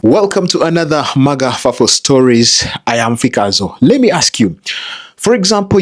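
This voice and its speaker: A man hosting a reaction video, asking his viewers questions directly. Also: medium pitch. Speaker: host.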